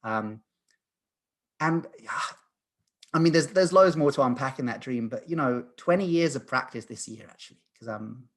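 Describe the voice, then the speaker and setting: A man in his thirties, a podcast guest, telling a personal story in an earnest, animated way with frequent restarts. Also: mid-range voice, normal speed, a little hiss or hum. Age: 30s. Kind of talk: storytelling in conversation.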